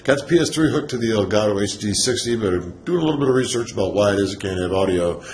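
A man's voice: fairly low pitch, lively intonation, quick pace, darkish tone, echoey room, slight background noise. A man vlogging at home, chatting in a playful, teasing way and laughing often. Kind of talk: casual chat. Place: home, indoors.

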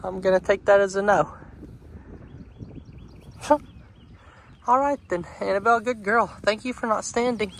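A man talking warmly to his animals on a rural homestead, then narrating his building work. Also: sits high, a little slow, creaky, pauses often, slight background noise. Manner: affectionate baby talk to animals, then practical narration. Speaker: homesteading vlogger. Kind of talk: casual vlog talk to animals and camera. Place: outdoors on a rural farm.

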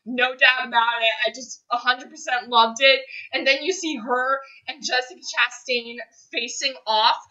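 A woman's voice: high voice, steady tone, normal speed, hardly any pauses, bright, forceful tone, muffled recording. A young woman reviewing a film in a casual monologue, gushing and repeating herself as she gets emotional. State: choked up, near tears.

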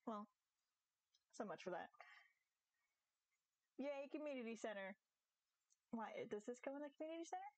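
A young woman chatting casually on a live game stream, giggly and animated, talking to her viewers and her cat. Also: on the high side, normal speed, long pauses, poor audio. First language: English. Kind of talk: casual live-stream chat while gaming.

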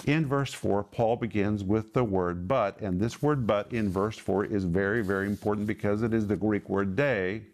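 A man's voice: lowish voice, moderate pace, hardly any pauses, darkish tone. A man, a television Bible teacher, who preaches emphatically and stretches out key words as he explains Greek terms. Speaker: pastor.

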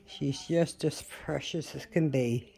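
Older woman vlogger, husky fry in the voice, unhurried, breathless homey chatter. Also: sits low, warm tone. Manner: chatty, rambling, laughs often. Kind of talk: casual home video chat.

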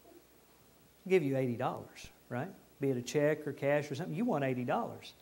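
A man preaching a folksy, animated sermon in a church, acting out the people he quotes. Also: medium pitch, normal speed, vocal fry.

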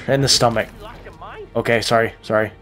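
A man's voice: mid-range voice, steady tone, takes it slowly, a bit bright, soft background music. A man giving joking, profane gameplay commentary, talking to himself as he plays. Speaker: gaming YouTuber.

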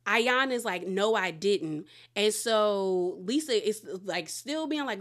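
A woman's voice: medium pitch, expressive, slow. Gossipy woman recapping reality drama. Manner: gossipy retelling, acting out quotes. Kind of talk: casual chat.

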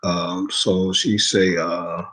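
Man, husky voice, lowish pitch, slangy casual storytelling, rambling. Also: little pitch movement, a bit bright, rough recording. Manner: slangy, rambling, quick to laugh. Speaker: guest telling his story.

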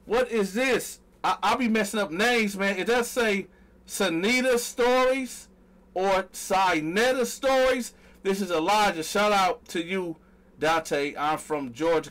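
A man's voice: sits high, fairly bright tone. A man hosting a live stream, talking loosely and chatting with viewers while he stumbles over their names. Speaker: livestream host. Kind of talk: casual live-stream roll call.

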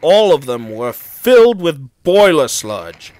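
Slow, expressive male storybook narrator. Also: mid-range voice, dry recording. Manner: expressive and unhurried. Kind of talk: storybook read-aloud narration.

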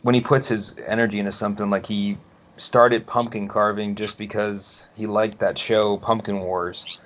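Male podcast co-host, low voice, halting casual talk, lo-fi recording. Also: little pitch movement, a bit bright, slight background noise. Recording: dull lo-fi sound.

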